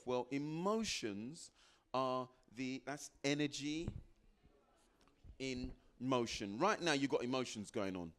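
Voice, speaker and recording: Man, motivational speaker, live audience, mid-pitched voice, emphatic repetition, sudden high-pitched acted-out exchanges. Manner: animated, acts out little dialogues with sudden high jumps in pitch; repeats phrases for emphasis. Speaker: guest speaker.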